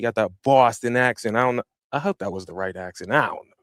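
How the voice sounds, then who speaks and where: A man hosting a live podcast, chatting casually and giving energetic, slangy shout-outs to viewers from a home podcast room. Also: mid-range voice, fast, dry recording. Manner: slangy and informal. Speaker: podcast host. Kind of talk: live-stream podcast chat.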